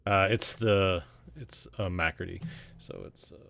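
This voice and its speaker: Bright-voiced male game master. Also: low voice, a little slow, vocal fry. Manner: relaxed, hesitant with fillers. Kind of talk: narrating a tabletop game.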